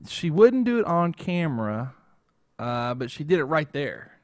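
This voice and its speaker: A man with a fairly high voice rambles through casual chat as the host, tacking "okay?" onto his points. The sound is dry and close, with no room around it. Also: very animated, a little slow, dry recording. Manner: rambling, keeps adding "okay?". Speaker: show host.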